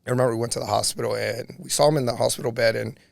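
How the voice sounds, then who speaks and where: Gravelly man telling an earnest story. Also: mid-range voice, steady tone, very fast, dry recording. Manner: earnest, many fillers like "like" and "you know". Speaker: podcast guest. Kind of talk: personal storytelling.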